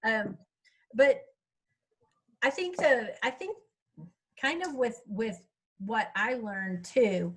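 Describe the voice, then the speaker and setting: Over a video call to a writers' workshop, a middle-aged woman author chats loosely and at length about her audiobook. She speaks on the high side, taking her time and pausing often, in a husky voice captured with poor audio.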